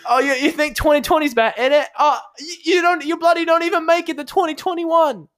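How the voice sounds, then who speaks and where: A man's voice: very high voice, steady tone, a little fast, a bit bright, pitched above the performer's own voice. A young man putting on an exaggerated British accent to play a goofy, stammering self-styled future British prime minister. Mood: silly boasting. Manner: rambling, stammering, laughing through lines.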